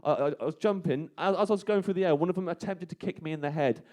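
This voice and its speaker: A man on a radio show, telling a long comic anecdote in casual chat and going quiet when he quotes people. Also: on the high side, fast talker. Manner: rambling storyteller, quiet when quoting people. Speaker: comedian telling a story. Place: radio studio. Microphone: studio microphone.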